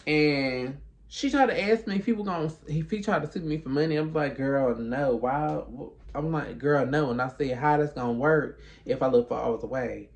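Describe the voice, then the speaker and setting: A man's voice: on the high side, normal speed, creaky. A man telling a story in a casual monologue, sassy and emphatic, acting out both sides of conversations.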